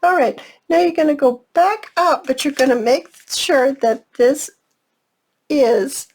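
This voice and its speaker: A woman's voice: high voice, takes it slowly, darkish tone. An older woman hosting a casual, chatty crafting tutorial, talking straight to her viewers in a folksy way. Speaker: craft channel host.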